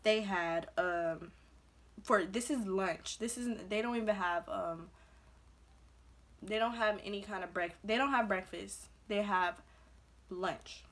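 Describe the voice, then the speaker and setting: A woman's voice: medium pitch, slow pace. A young adult woman from Belize, a vlogger telling a casual storytime, chatty and full of "like", acting out the quotes. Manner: chatty, heavy use of "like", acts out quotes.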